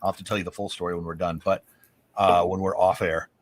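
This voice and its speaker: A married man co-hosting a casual chat, telling stories with animated, opinionated swings and some swearing. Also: sits low, quick pace, slight background noise. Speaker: podcast co-host.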